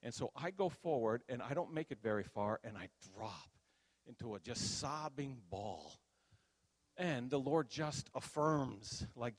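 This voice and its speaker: A middle-aged man giving an animated testimony sermon as a pastor, acting out the voices in his story. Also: mid-range voice, unhurried. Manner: animated storytelling, acts out quotes. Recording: long hall reverb.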